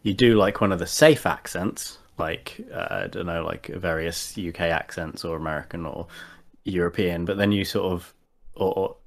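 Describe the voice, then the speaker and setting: A man with a very low voice talks casually about tabletop games. He hesitates often, piling up fillers and restarting his sentences as he thinks aloud. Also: fairly even intonation, moderate pace, gravelly. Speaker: podcast guest.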